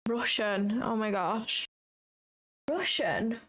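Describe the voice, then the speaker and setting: High-voiced chatty woman livestreamer. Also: lively intonation, drawn-out words, fairly bright tone. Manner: chatty, exclamatory, swears casually. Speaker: trading livestreamer. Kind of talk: casual livestream commentary.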